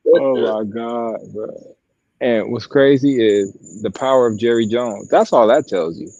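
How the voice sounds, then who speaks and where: A man's voice: mid-range voice, slow, pauses often, no echo, dull audio. A man co-hosting a podcast, telling a long profane story in casual chat. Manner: profane, animated storytelling with acted quotes. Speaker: podcast co-host and sideline broadcaster.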